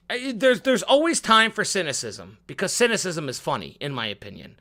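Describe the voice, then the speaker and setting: Guy vlogging off the cuff, bright voice, bouncy upward inflection, cusses a lot. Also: sing-song, a little fast, few pauses. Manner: upward inflection, swings from loud rants to low mutters; swears freely, repeats and restarts words. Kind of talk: off-the-cuff monologue.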